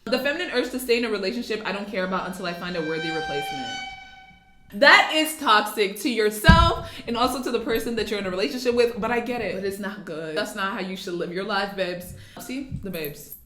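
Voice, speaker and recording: A young American woman from Texas hosting a casual vlog, playful and jokey, swinging between loud outbursts and mutters. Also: medium pitch, animated, fairly quick, noisy background. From Texas, USA. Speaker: YouTuber host. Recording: roomy echo with music behind.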